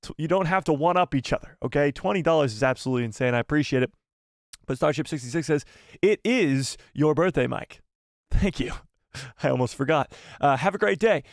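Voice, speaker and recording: A man hosting a casual live stream, talking in an excitable, exclamatory way and reading viewer donations. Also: fairly high pitch, fast talker, no room sound, studio quality.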